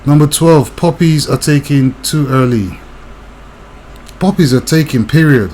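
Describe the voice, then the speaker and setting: A man's voice: fairly high pitch, a little slow, darkish tone, slight background noise, low-quality recording. A young man, ranting agitatedly and talking straight to the viewer in video commentary.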